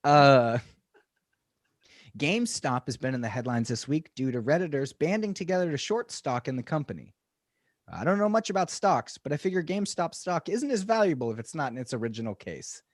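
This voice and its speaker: Lively wry male show host. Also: fairly high pitch, a little fast, no echo, studio quality. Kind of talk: opening monologue and comic intros.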